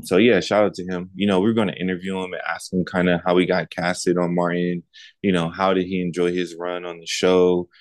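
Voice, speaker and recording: A man co-hosting a podcast, telling stories in casual chat and mimicking other people in raised voices. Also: no echo. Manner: animated storytelling, mimics others in high voices. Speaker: podcast co-host.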